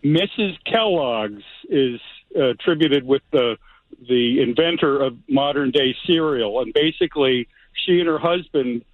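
A man calling in to a radio show, telling a story in a halting way with many fillers. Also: mid-range voice, lively intonation, dry recording. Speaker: caller. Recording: tinny phone line.

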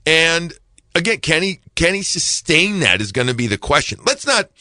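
A man's voice: fairly high pitch, very animated, moderate pace, pushed and bright, no echo. A man giving hockey analysis on a podcast, emphatic and repeating himself to stress a point. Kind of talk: podcast sports talk.

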